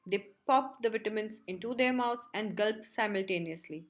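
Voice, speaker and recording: A woman reading the stage directions of a play as an audiobook narrator, clear and even. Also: medium pitch, moderate pace.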